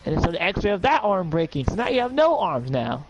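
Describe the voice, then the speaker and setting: A man narrating as game master, telling the action in an excitable, profane way with shouted sound effects. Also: high-pitched, a little fast, lo-fi sound.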